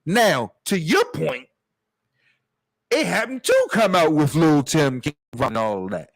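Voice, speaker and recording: A man in a casual debate among friends, reasoning his points out in a measured way and repeating words as he thinks. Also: fairly high pitch, big pitch swings.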